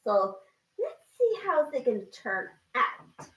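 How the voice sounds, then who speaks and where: High, lively woman cooking at home. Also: slow pace. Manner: talks to herself while cooking, with sighs and exclamations. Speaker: channel host cooking on camera. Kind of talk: casual cooking narration. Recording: echoey room.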